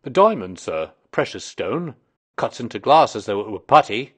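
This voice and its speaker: A man reading aloud voices an excited, working-class male commissionaire who blurts out his news. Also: mid-range voice, normal speed, breathy edge. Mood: eager. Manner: breathless, loud exclamations.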